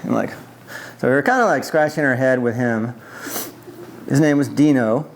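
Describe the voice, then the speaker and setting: A man's voice: mid-range voice, normal speed, slight background noise. A middle-aged man from the US East Coast, recalling his past in an oral history interview, with many fillers and restarts.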